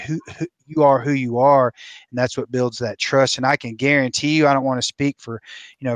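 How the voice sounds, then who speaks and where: A man's voice: medium pitch, a bit bright, dry recording. A man hosting an interview, talking in an earnest, encouraging way with his guest. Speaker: podcast host. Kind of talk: casual interview chat.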